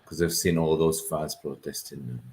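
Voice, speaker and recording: A man playing a football quiz, thinking out loud and second-guessing his answers. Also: extremely low pitch, steady tone, normal speed, background noise. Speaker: quiz contestant. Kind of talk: casual chat.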